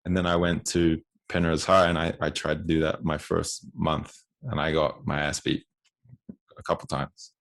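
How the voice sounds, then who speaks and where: A man's voice: a bass voice, flat delivery, normal speed, vocal fry. A man in his twenties, a podcast guest, telling a story casually with frequent restarts and acted-out quotes. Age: 20s.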